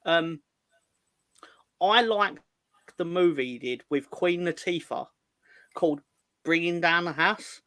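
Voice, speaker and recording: Bright-voiced man chatting casually on a podcast. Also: on the high side, takes it slowly, pauses often, dry recording. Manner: rambling, jokey, crude. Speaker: podcast co-host. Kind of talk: casual chat.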